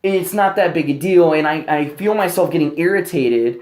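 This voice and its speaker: A man's voice: on the high side, moderate pace, darkish tone. Heated storytelling man, roomy sound. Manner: heated, profane, acts out quotes in raised voices. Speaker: podcast co-host. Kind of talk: casual storytelling chat. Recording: roomy echo.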